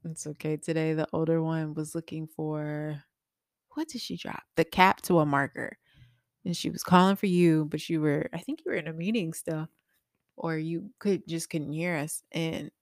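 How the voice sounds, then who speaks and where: Laughing woman with a low gravelly voice. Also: dry recording, clean studio sound. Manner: animated, acts out quotes with big pitch jumps, laughs often. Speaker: podcast co-host. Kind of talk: casual chat.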